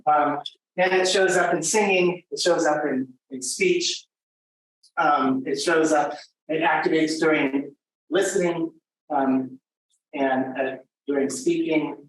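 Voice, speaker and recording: A man's voice: on the high side, steady tone, slow. Man lecturing in an echoey room. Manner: conversational, with many fillers and restarts. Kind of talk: academic lecture. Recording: echoey room from a distant mic, faint noise.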